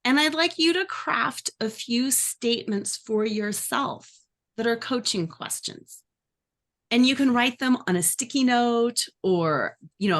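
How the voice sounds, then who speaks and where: A life coach teaching a workshop, lively and acting out the voices she describes. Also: on the high side. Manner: animated, acts out inner voices.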